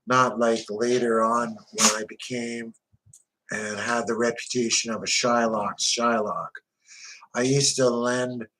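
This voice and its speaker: A man tells a crime memoir in the first person, speaking slowly and deliberately. His delivery is blunt and profane, with a tough-guy edge, at a middle pitch. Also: fairly bright tone, a little hiss or hum, low-quality recording. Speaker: narrator.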